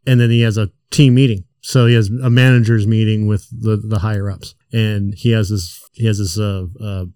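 A man's voice: lowish voice, level tone, normal speed, warm tone, no echo, studio quality. Swearing man spinning a work story. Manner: rambling storyteller, swears freely. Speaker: podcast co-host. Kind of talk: casual chat.

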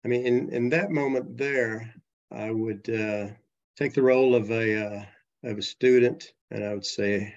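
A man being interviewed, speaking in a measured, soft-spoken and hesitant way over dull lo-fi audio. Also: mid-range voice, steady tone. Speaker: interview guest. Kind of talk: conversational interview.

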